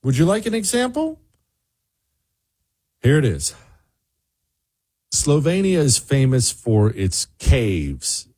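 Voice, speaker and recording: A man hosting a radio show, telling a funny story to his co-host in a lively, joking way. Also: mid-range voice, takes it slowly, long pauses, husky. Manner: lively, joking storyteller who mimics other people's voices. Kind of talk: casual on-air storytelling to a co-host.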